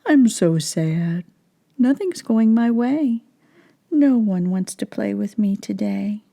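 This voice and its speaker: A woman doing a low, mournful alligator. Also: lively intonation, slow pace, vocal fry, dark tone. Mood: sad. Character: sad lonely male alligator, storybook animal.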